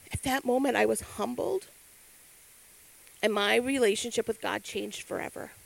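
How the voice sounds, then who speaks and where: A middle-aged woman giving a sermon, telling stories with lively acted-out quotes. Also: a little high, gravelly, dry recording, low-quality recording. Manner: animated storytelling with acted quotes. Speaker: speaker.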